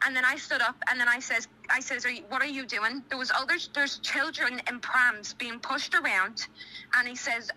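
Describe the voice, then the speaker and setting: Dublin woman on speakerphone, high bright voice, rambling and worked up. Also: moderate pace, rough recording. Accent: Irish (Dublin). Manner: rambling, restarts, retells quoted dialogue. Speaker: caller. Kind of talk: agitated phone account. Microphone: phone on speaker.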